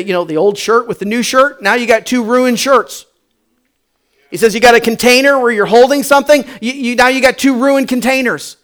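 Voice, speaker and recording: A man preaching a sermon as pastor, animated, with repetition and acted-out voices. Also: very high-pitched, clear, resonant tone.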